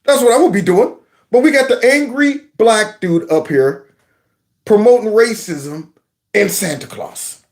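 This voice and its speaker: A man's voice: high-pitched, animated, unhurried. A man hosting his own commentary channel, mocking a clip with sarcasm and mimicry. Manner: sarcastic, mimics voices, breaks into song.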